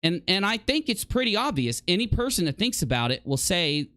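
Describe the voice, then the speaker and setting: A man's voice: high voice, very animated, fairly bright tone, dry recording. A man hosting a commentary channel, arguing indignantly and sarcastically against clips he plays. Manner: indignant, sarcastic, rapid-fire questions. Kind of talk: heated commentary over played clips.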